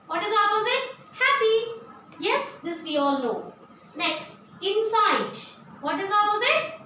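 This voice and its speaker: A woman's voice: very high-pitched, pushed and bright, far from the mic. A woman teaching young children a lesson, spelling words out letter by letter and answering her own questions. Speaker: school teacher. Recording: echoey room, voice from off the mic, faint hiss.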